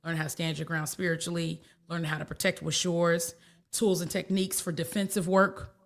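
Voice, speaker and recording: A woman's voice: on the low side, flat delivery, moderate pace. A woman spiritual teacher, talking casually in a blunt, folksy way and repeating herself for emphasis. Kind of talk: casual talk.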